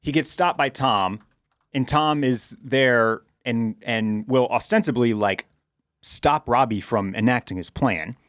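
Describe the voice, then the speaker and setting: A man's voice: medium pitch, a little slow, a bit bright, no echo, studio quality. A man co-hosting a podcast in casual chat, thinking aloud with stammered restarts. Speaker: podcast co-host.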